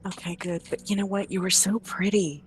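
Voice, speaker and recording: A woman playing a tabletop game, describing her character's actions in a lively, joking way. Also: medium pitch, brisk, slight background noise. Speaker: player.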